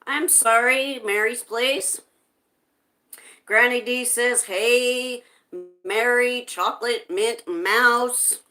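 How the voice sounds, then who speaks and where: A woman's voice: a little high, extremely slow, pushed and bright, soft background music. A woman hosting a casual live stream, greeting viewers by name and reading their chat messages aloud.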